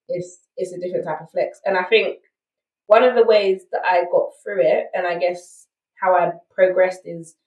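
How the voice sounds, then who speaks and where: A woman's voice: on the low side, fairly even intonation, moderate pace, a little mellow, echoey room, far from the mic, rough recording. A woman with a South London accent, a podcast guest telling her story candidly and emphatically, often checking in with "right?". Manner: emphatic, rhetorical asides like "right?".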